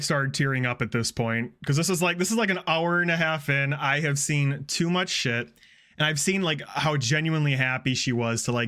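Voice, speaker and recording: Foul-mouthed young man recapping videos. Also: a little high. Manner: profane, animated recap, heavy swearing. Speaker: streamer. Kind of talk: casual storytelling on a livestream.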